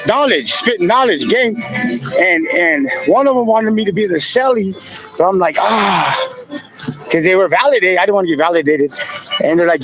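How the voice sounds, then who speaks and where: A man's voice: sits high, expressive, moderate pace, gravelly, over music, rough recording. A man in his fifties casually telling stories from his past, using laid-back street slang and laughing now and then. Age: 50s. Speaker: guest. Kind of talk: casual storytelling.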